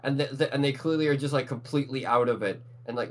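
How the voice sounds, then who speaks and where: A man chatting casually as a podcast co-host, rambling and slipping into quick character voices. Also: mid-range voice. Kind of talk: casual chat recapping an anime.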